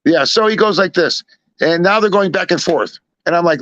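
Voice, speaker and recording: Guy from chicago rambling thru an old story, kinda high voice, muffled lo-fi sound. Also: fairly quick, no room sound. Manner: rambling, animated retelling with many asides. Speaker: storyteller guest. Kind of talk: casual anecdote telling. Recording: dull lo-fi dry recording.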